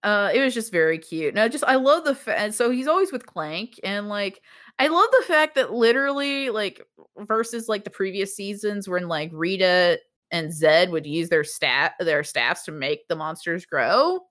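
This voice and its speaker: Casual woman co-host, chatty and meandering, mid-pitched. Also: animated, normal speed, fairly bright tone. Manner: rambling, lots of "like", laughs often. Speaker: podcast co-host. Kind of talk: casual chat reviewing a TV show.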